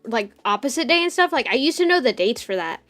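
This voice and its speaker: A woman's voice: on the high side, sing-song, quick pace, fairly bright tone, soft background music. A woman hosting a casual live stream, talking chattily, giggling often and swearing freely as she jumps from topic to topic. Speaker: streamer host.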